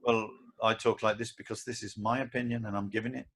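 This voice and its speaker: A man co-hosting a casual podcast chat about martial arts, forthright and quick to laugh, speaking his mind. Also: on the low side, steady tone, a bit bright, breathy edge.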